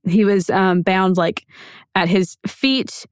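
A woman's voice: medium pitch, slow pace, clean tone, dry recording, clean studio sound. A woman hosting a podcast, telling a true-crime story in a loose, conversational way with many fillers. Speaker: podcast host.

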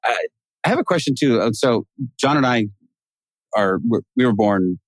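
A man's voice: mid-range voice, animated, moderate pace, no room sound. A man hosting a podcast in a casual, joking conversational way, laughing often. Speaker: podcast host.

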